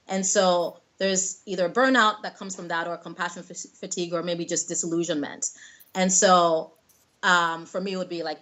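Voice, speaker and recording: A woman's voice: on the low side, fairly bright tone. A woman hosting a podcast, speaking in a thoughtful, reflective way with casual fillers. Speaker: podcast host. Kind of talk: casual interview.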